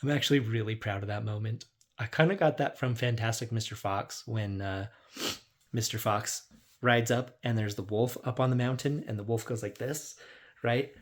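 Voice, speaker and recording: A man's voice: mid-range voice, normal speed. Chatty man recapping his game sessions. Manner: rambling, lots of "like", acts out quotes. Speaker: dungeon master. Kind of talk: casual tabletop session recap.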